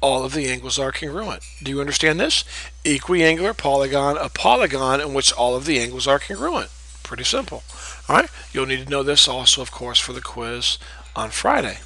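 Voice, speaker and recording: A man's voice: medium pitch, very animated, a little fast, pushed and bright, low-quality recording. A man teaching a math lesson in a patient, explanatory way, repeating key terms and checking in with "okay?". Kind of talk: recorded classroom lecture.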